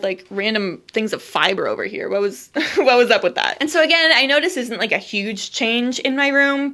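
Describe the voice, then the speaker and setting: A young woman with a fairly high, bright voice gushes her way through a casual tour of her hobby room at home. She talks in an excited, playfully dramatic way, heaping praise on the things she loves. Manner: bubbly, gushing, playfully dramatic. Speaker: YouTube creator.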